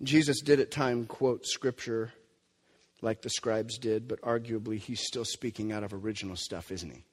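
A man preaching a sermon as pastor, emphatic and animated, sometimes dropping to a quiet, low delivery. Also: moderate pace. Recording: long hall reverb.

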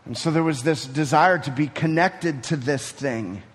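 A man's voice: a little high, moderate pace, slightly rough. A man preaching a sermon, teaching through a passage and building to emphatic peaks. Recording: reverberant hall.

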